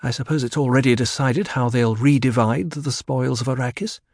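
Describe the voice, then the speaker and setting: A man's voice: medium pitch, moderate pace, a little mellow, no echo, studio quality, close to an everyday voice. A man voicing a proud, defiant young noblewoman in an audiobook reading. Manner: defiant, flaring.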